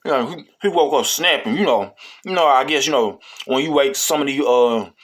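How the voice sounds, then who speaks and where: A man's voice: medium pitch, normal speed, a bit bright. A man telling a story in a casual, rambling, profane way, with many fillers.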